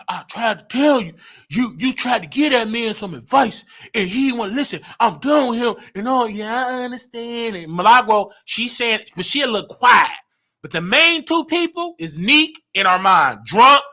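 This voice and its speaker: A man hosting a livestream show in an animated, boastful rant. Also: very high-pitched, normal speed. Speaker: show host.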